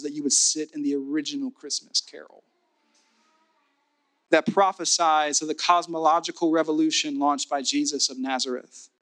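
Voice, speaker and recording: Male pastor preaching a sermon, bright kinda high voice, gets fervent then goes soft. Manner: rising to fervent repeated declarations; drops to soft intimate tone.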